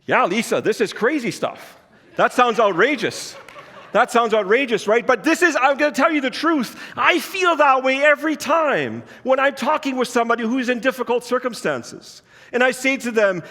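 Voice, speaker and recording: A man with a high voice preaches in a church sanctuary, telling a personal story in an easy, earnest way. His voice trails off into a long hall reverb. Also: normal speed, pushed and bright. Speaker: pastor. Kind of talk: sermon.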